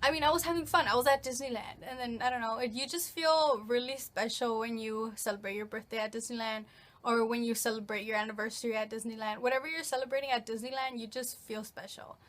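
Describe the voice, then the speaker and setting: A woman's voice: on the high side, steady tone, quick pace, fairly bright tone. A woman of nineteen answering questions in a casual, rambling vlog, full of fillers and restarts. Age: late teens. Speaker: vlogger. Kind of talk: casual get-to-know-me Q&A.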